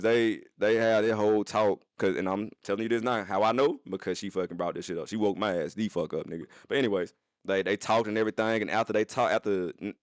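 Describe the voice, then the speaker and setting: A young man talks to his live chat from his phone, his voice sitting on the low side. He tells the story loosely and animatedly, swearing freely and leaping into high-pitched voices. The sound is dry and close, with no room around it. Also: no echo. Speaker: streamer.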